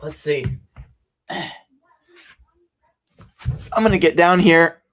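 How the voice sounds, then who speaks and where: This excitable young man, an online reseller, talks very slowly on a relaxed live stream from his home office. His voice sits a bit higher than most men's, and he laughs frequently, addressing viewers directly and musing aloud as he goes about his work.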